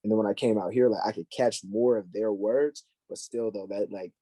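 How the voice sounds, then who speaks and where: A man's voice: lowish voice, moderate pace, breathy edge. A young man chatting casually on a podcast, slangy and full of fillers as he tells stories. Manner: slangy, filler-heavy, animated storytelling.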